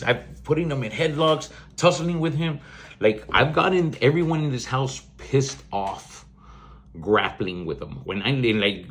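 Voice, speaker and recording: A man in his forties hosting a podcast, telling family stories in a rambling, blunt way, swearing freely and laughing mid-story. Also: medium pitch. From South Texas. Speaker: podcast host. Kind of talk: casual storytelling monologue.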